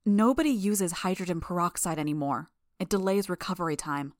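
A woman's voice: fairly low pitch, animated, brisk, darkish tone, no room sound, close to an everyday voice. A woman voicing a stern, disapproving clinic doctor in her fifties, speaking curtly in an audiobook reading. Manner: curt, disapproving.

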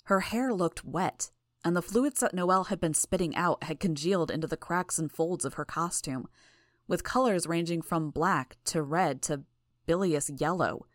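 A woman reading a first-person audiobook in a measured, even way. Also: lowish voice, no echo, clean studio sound. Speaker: audiobook narrator.

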